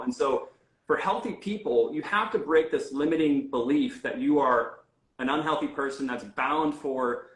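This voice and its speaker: A man's voice: medium pitch, roomy sound, low-quality recording. A man speaking as a guest health coach in an interview, talking casually with many fillers and restarts. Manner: conversational, frequent fillers and restarts.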